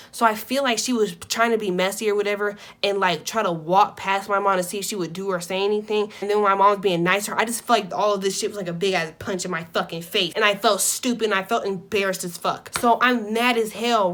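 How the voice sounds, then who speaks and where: A young woman vlogger telling a casual storytime, animated and profane, swinging between loud outbursts and muttered asides. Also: mid-range voice.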